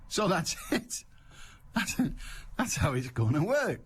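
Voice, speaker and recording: Older Mancunian phone-in host, wry comic patter, animated delivery. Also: male voice, a little high, takes it slowly, long pauses, husky. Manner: wry, teasing, laughs at his own jokes. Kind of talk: comic radio monologue. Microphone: studio microphone.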